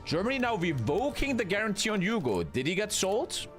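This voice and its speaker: A man's voice: high voice, wildly swooping pitch, brisk, fairly bright tone, soft background music. A man casting a multiplayer strategy game on a live stream, chatty and swearing freely as he talks to his chat. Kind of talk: casual live-stream commentary.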